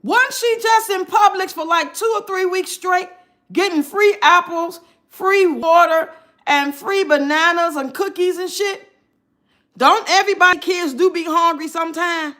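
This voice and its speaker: A woman's voice: very high-pitched, unhurried, a bit bright. A woman giving blunt, profane reaction commentary, talking to her live chat. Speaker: commentary streamer.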